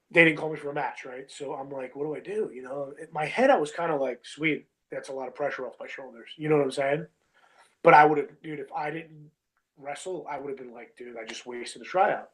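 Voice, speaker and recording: A man's voice: fairly high pitch, poor audio. A man in his thirties, a wrestler telling a long story in a casual interview, full of fillers like "you know what I mean" and "bro".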